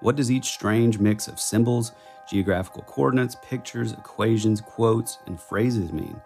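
A man's voice: lowish voice, unhurried, gravelly, soft background music. A man co-hosting a casual podcast, joking with his partner and reading a recap in a dramatic tone. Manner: animated, reads recap narration in a dramatic tone. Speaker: podcast co-host.

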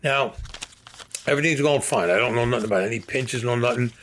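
A man's voice: mid-range voice, fairly quick, fairly bright tone, a little hiss or hum. An older man telling his own crime story in an interview, in blunt, profane street talk. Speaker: former mobster interviewee.

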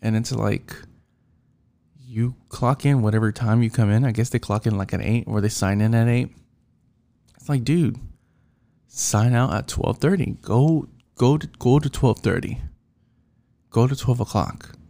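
A man's voice: mid-range voice, measured pace, long pauses, mellow. A man ranting casually about his coworkers, rambling and frustrated, with lots of fillers and restarts. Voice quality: gravelly. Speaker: driver venting about work.

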